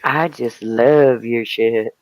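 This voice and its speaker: A woman with a Southern US drawl bantering on a livestream, playful and quick to laugh. She talks slowly and stretches her words. Her voice sounds dry and close to the mic. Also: a bass voice, a little mellow, dry recording, muffled recording. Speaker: panel host.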